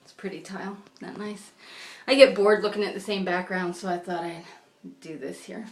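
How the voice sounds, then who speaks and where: Woman, middle-aged, rambling vlog, meandering, occasional whispering, mid pitch, echoey room. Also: steady tone, brisk. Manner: chatty and meandering, sometimes dropping to a whisper. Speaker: vlogger. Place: her home.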